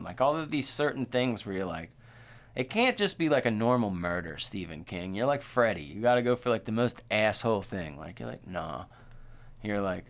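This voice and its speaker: A man co-hosting a horror podcast, talking in a loose, profane, excitable way and filling his speech with "like" and "dude.". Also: lowish voice, moderate pace. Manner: animated, profane, full of "like" and "dude". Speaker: podcast co-host. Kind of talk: casual chat.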